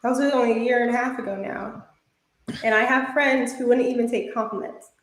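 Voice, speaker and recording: Young woman co-host, slightly high voice, emphatic, roomy sound. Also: fairly even intonation, quick pace. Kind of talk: casual podcast chat.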